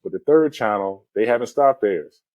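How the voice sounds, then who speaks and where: A man in his forties with a lowish voice, hosting a casual movie chat. He retells scenes with animated, rambling energy and drops "man" and "you know" constantly. The sound is dry, with no room echo. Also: moderate pace, muffled recording. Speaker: movie podcast host.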